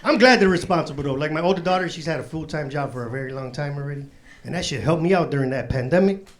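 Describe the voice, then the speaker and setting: A man's voice: a little high, fast. A man in his forties doing a stand-up comedy set on a club stage, with loose, profane street talk and laughter through his punchlines. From Chicago south side. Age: 40s. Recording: live club set with crowd noise. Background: audience laughter.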